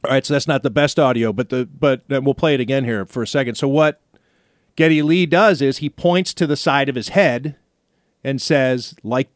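A man's voice: medium pitch, moderate pace, no room sound. Dry-voiced chatty male radio host. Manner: chatty storyteller, playfully indignant. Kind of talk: casual studio banter.

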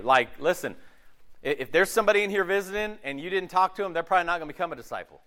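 Male preacher, sermon delivery, slightly high voice with big pitch swings, animated. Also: rapid-fire. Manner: animated, acts out quoted voices, swings loud and quiet.

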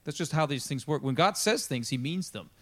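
A man preaching in a loose, conversational way, leaping into the characters' voices as he goes. His voice sits a touch higher than most men's. He is lively and easygoing rather than formal. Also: brisk. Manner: animated, chatty, acts out the characters. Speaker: pastor. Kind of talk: casual storytelling sermon. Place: church.

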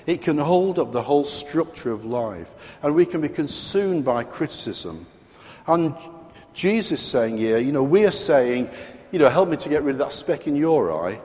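A man's voice: mid-range voice, a little mellow. A man with a British accent preaching a sermon, emphatic and fond of rhetorical questions to the congregation. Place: large church hall. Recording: long hall reverb.

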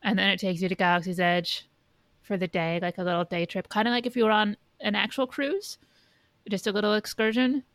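A woman's voice: medium pitch, steady tone, a little fast, a bit bright, no echo. A woman co-hosting a podcast, blunt and sweary in casual chat. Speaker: podcast co-host.

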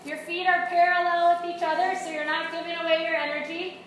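A woman with a high, bright voice teaching yoga and breath work to a group, encouraging and full of questions for the class. She sounds distant in a very echoey room. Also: little pitch movement, a little fast, slight background noise. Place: large echoey room with a group of young hockey players.

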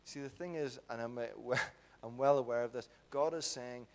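A man's voice: medium pitch, moderate pace, few pauses. Irish male preacher, impassioned sermon, reverberant hall sound. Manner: impassioned, builds to loud peaks then drops soft. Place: church hall.

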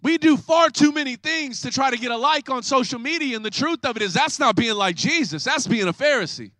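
A man pastor preaching an energetic, joking sermon, acting out people's excuses. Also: very high voice, brisk, no room sound, studio quality.

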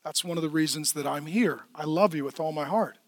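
A man preaching a sermon as pastor, swinging from loud, impassioned pleas to quiet, tender stretches. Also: on the high side, fairly quick, dry recording. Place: church.

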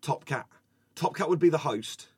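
A man with a husky, slightly breathy voice, chatting loosely on a podcast. He rambles into anecdotes and giggles at his own ideas. The sound is close and dry. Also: on the high side, expressive, normal speed, darkish tone, dry recording. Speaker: podcast co-host. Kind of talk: casual comedic chat.

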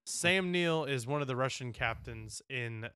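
Man, podcast co-host, casual chat, musing, mid pitch, dry recording. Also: unhurried, sharp tone, clear, resonant tone, dry recording. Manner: musing, looks things up mid-talk, many fillers.

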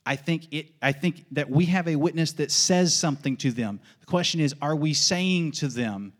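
A man delivering a sermon from the pulpit, his voice sitting a little higher than most men's. He preaches emphatically, mixing folksy asides with pointed questions. He drills the congregation by repeating a question and its answer. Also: moderate pace, hardly any pauses. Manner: folksy asides with light laughs. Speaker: pastor.

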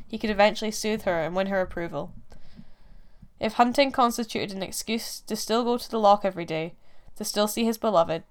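A woman reading a folk tale aloud in a measured, expressive storytelling manner. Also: medium pitch, clean tone. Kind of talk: scripted narration.

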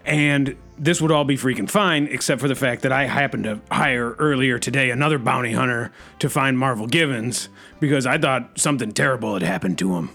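Male comedy host, gravelly, anxious rambler. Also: mid-range voice, fairly quick, sharp tone, soft background music. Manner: anxious, rambling, says freaking constantly. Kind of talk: improvised comedy bit.

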